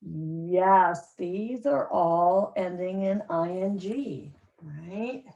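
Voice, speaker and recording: A woman's voice: fairly low pitch, lively intonation, extremely slow, vocal fry, warm tone, muffled recording. A woman teaching an English pronunciation lesson to a class, carefully modeling short sentences for learners to repeat.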